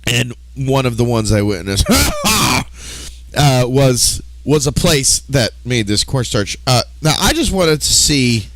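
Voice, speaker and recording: Man streamer, mid-pitched, swings up and down a lot, laughs through his rants, swears freely, dry close mic. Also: lively intonation, slow, a bit bright, no echo. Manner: rambling, profane, often breaks into laughter; restarts and self-corrections mid-sentence. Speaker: game streamer. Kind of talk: casual live-stream chat while playing.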